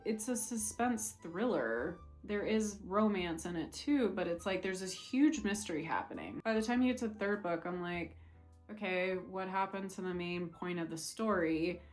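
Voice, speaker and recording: A woman's voice: medium pitch, a little mellow. A woman chatting casually as a book vlogger, rambling with restarts as she reviews her reads.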